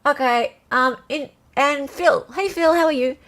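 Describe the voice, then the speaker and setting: A woman hosting a casual livestream, chatting and reading viewer comments aloud in an animated way. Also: high voice, unhurried. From Australia. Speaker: host.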